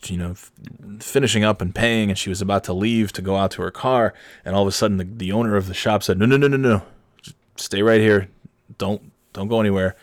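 In a dry, clean studio recording, a man hosting a podcast wanders through a self-mocking story during casual conversation. He performs the quoted lines in shrill, shouting voices.

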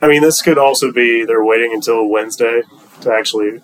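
A man co-hosting a casual sports podcast, speaking calmly in short replies and reading out lists. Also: medium pitch, a little fast, rough recording. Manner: calm, brief replies, reads out lists. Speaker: podcast co-host.

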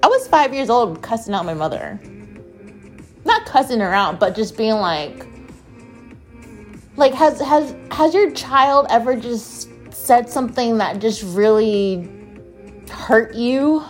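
A woman in her twenties from the American Southwest, hosting a solo podcast and telling stories in an animated, chatty way, full of "like" and restarts. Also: on the high side, slow pace, pauses often, soft background music. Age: 20s. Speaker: podcast host. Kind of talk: casual solo podcast monologue.

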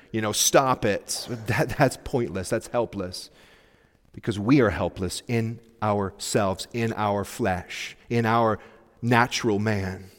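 Male pastor, mid-pitched, earnest exhortation, reverberant sanctuary. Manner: earnest, pleading exhortation with sudden soft drops. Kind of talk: sermon. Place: church sanctuary. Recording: long reverb of a church hall.

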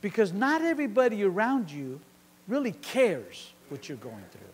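A man's voice: high-pitched, wildly swooping pitch, moderate pace, long reverb tail. A middle-aged man preaching a sermon as a pastor, dramatically acting out the lines of the Bible characters.

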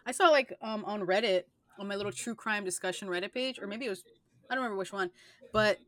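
A woman's voice: medium pitch, fast, a bit bright, no room sound. Rambling young woman podcaster, dry sound. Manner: rambling, lots of filler words. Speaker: podcast co-host. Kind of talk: casual chat.

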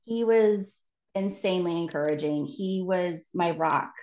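A woman's voice: on the low side, measured pace, a little mellow. A woman in her thirties, a guest author in a podcast interview, earnest and laughing often. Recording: dull, roomy remote audio.

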